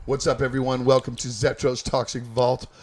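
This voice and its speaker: A man hosting an interview, talking in a halting way and repeating words while he searches for them. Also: mid-range voice, flat delivery. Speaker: host. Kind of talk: casual interview.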